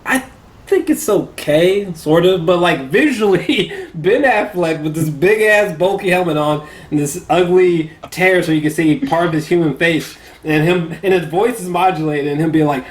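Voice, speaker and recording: A man moderating a casual movie debate, animated and quick to laugh, swearing freely. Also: fairly high pitch.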